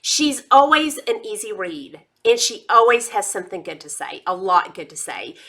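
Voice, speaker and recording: A woman's voice: mid-range voice, animated, moderate pace, pushed and bright. A middle-aged woman, chatting casually about her monthly favorites with enthusiastic asides. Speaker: beauty and lifestyle vlogger.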